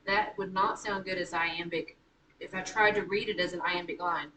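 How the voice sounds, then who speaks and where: A woman's voice: lowish voice, steady tone, moderate pace. Chatty woman teacher in echoey classroom. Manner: chatty, self-correcting, teasing. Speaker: high school writing teacher. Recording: echoey room, far from mic, noisy.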